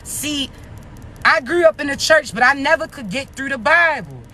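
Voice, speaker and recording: A woman with a raspy voice and a Maryland accent, giving a blunt, profane motivational talk straight to her viewers. She keeps checking in with them. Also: high-pitched, expressive, normal speed, pushed and bright, a little hiss or hum. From Maryland, United States. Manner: blunt, profane, streetwise, keeps asking "you understand me?". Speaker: motivational social media creator. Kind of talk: casual motivational talk to camera.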